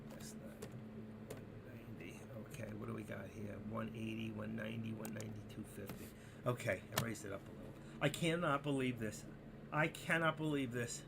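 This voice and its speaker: Gravelly man day-trading live on stream. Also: mid-range voice, noisy background. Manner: talks to himself, swinging between excitement and frustration. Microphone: desk mic through streaming software.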